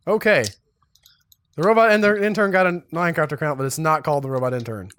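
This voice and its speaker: A man's voice: fairly high pitch, fast, clear, resonant tone, no room sound. A man co-hosting a podcast, chatting casually and wryly while playing a game. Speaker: podcast co-host. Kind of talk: casual gameplay chat. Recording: loud background noise.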